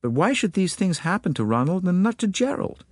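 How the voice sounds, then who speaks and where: A man voicing a determined American woman of about thirty, speaking with an American accent in an earnest, brisk, worried way, in an audiobook. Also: high-pitched, big pitch swings, husky, no room sound, clean studio sound, voice pushed up, exaggerated voice.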